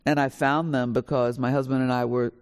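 A woman, an author on a panel, telling stories on stage before a live audience, lively and animated, acting out the dialogue with big swings in pitch. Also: a little fast, clear, resonant tone. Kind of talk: animated storytelling.

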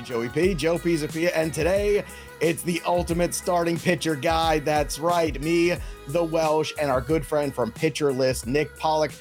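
Upbeat man hosting a sports podcast. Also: a little high. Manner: energetic, joking, promotional. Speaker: podcast host.

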